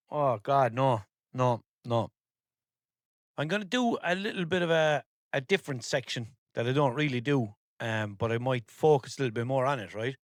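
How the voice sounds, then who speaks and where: A man's voice: medium pitch, animated, normal speed, no room sound, studio quality. A man with a Limerick Irish accent hosting his own podcast, rambling cheekily and swearing freely. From Ireland. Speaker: podcast host. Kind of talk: casual podcast monologue.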